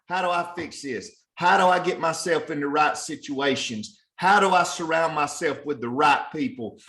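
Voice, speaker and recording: Male sales trainer, earnest motivational delivery, slightly higher voice, roomy echo. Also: fairly bright tone. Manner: earnest, repetitive, preachy. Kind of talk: motivational talk.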